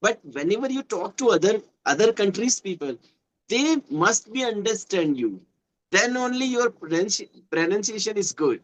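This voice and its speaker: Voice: medium pitch, big pitch swings, moderate pace, low-quality recording. A speaker with an Indian English accent explaining earnestly in casual conversation practice, repeating points. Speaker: conversation partner.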